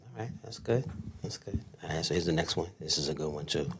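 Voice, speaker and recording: A man's voice: a bass voice, animated, fast, slight background noise. A man hosting a podcast conversation, asking questions and thinking aloud, often repeating his phrases. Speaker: podcast host. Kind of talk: casual conversation.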